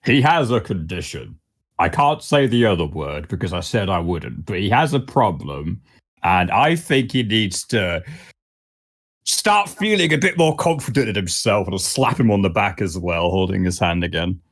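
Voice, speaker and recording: A man with a fairly low voice plays his character in a tabletop game. His pitch swings about lively as he talks in a chatty, playful way. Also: normal speed. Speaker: player. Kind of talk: in-character tabletop role-play.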